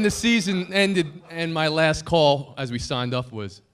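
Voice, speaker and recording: A man's voice: a little high, expressive, measured pace, few pauses, fairly bright tone, a little hiss or hum. Joking, heartfelt man giving a speech. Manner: joking, self-deprecating storyteller; heartfelt, grateful tribute. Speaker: broadcaster giving a dinner speech. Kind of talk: anniversary dinner speech. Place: banquet hall dinner.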